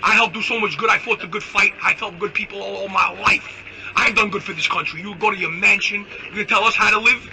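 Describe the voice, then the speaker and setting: A man's voice: sits high, fast talker, background noise. A man delivering a brash, insulting political rant. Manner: brash, loud, insulting, animated ranting. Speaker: political commentator in a clip. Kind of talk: ranting political monologue.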